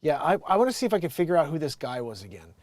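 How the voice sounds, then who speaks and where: A man hosting a casual livestream, talking to himself as he searches, drifting from low muttered asides to bursts of excited shouting. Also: very fast, no echo. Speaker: livestream host.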